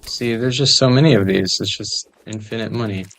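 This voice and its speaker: A man's voice: lowish voice, brisk, a bit bright. A man joking and rambling through casual gameplay commentary, often trailing off into mumbled asides. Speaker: gamer recording gameplay.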